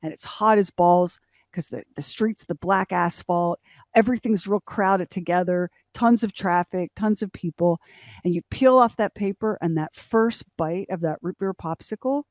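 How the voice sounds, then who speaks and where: A woman's voice: on the low side, normal speed, no echo, clean studio sound. A middle-aged woman from Philadelphia, a radio co-host telling vivid stories in casual chat. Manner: vivid, animated storyteller.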